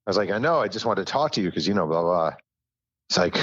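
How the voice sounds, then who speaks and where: A man with a deep, low voice tells stories as a podcast guest, slipping into the voices of the people he quotes and poking fun at himself. The sound is dry and a little dull, like a lo-fi remote mic. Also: brisk, dry recording. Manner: animated storyteller who acts out quotes, self-deprecating. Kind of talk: casual interview storytelling.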